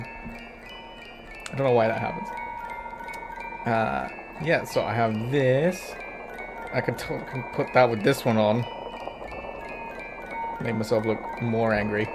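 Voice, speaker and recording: A man's voice: medium pitch, slow, pauses often, over music. A man streaming as a VTuber, chatting casually and often breaking into laughter. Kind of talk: casual livestream chat.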